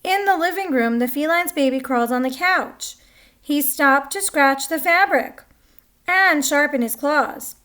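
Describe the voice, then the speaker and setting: Bright, high-voiced woman reading a picture book. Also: unhurried. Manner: chatty, comments on the pictures. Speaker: story reader.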